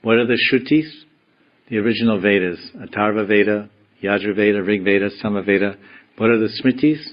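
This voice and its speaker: A man giving a devotional scripture class, telling stories in a slow, meditative way. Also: on the low side, lo-fi sound. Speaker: spiritual teacher.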